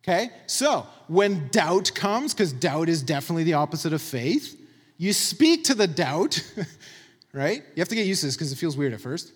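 A man's voice: high voice, big pitch swings, moderate pace, breathy edge. A man preaching a sermon in a conversational, emphatic way, often checking with the listeners. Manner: emphatic, conversational, tags points with "right?". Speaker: pastor. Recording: long reverb of a hall.

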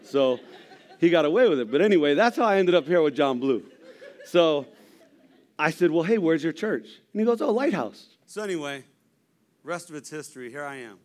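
A middle-aged man telling his conversion story in a church, gruff and humorous, with a storyteller's pacing. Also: fairly high pitch, expressive, brisk, long pauses. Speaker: lay preacher giving testimony. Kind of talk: sermon testimony.

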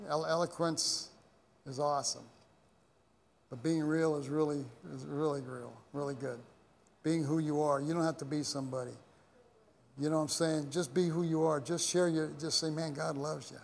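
A man's voice: fairly high pitch, fairly even intonation, moderate pace, gravelly. A man preaching a sermon as pastor, telling stories in a rambling way with many repeated words and restarts. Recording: long hall reverb.

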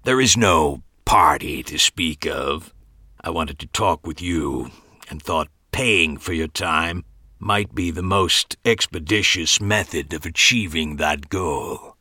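A man doing a rasping, eerie thin old man. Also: a bass voice, takes it slowly, pushed and bright, no echo, clean studio sound, voice pushed down, exaggerated voice. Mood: eerie, theatrical. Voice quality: throaty, rasping growl. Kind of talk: audiobook character voice.

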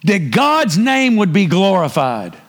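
A man's voice: high voice, big pitch swings, slow. A man preaching a sermon, speaking emphatically and posing rhetorical questions to the congregation. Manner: draws listeners in with repeated cues.

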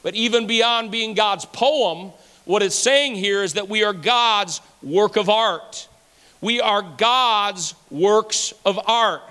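A man preaching a sermon as pastor, building repeated refrains up to shouts, with a folksy manner and drawled fillers. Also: high voice, clean tone. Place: church sanctuary. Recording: long reverb of a church hall.

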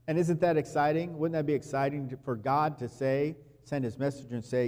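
A man preaching a sermon as pastor, talking conversationally, dropping to quiet asides and acting out the quotes he tells. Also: a little high, fairly even intonation, fairly quick, hardly any pauses. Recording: long hall reverb.

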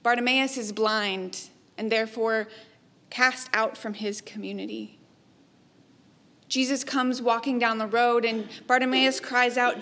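A woman preaching a sermon in a measured, reflective way, letting her phrases trail off softly. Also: fairly high pitch, steady tone. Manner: slow, measured, reflective delivery with soft trailing endings.

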